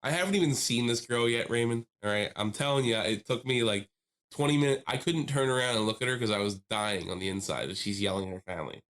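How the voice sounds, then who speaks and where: A man telling a story on a casual podcast, animated and quick to laugh. He mimics the people in his story as he goes. His voice sits at an ordinary middle pitch. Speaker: podcast co-host.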